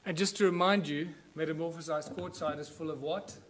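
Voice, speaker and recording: A man's voice: fairly high pitch, fairly even intonation, brisk. A man giving a conference lecture, explaining things and pointing them out to his audience as he demonstrates. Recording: echoey room.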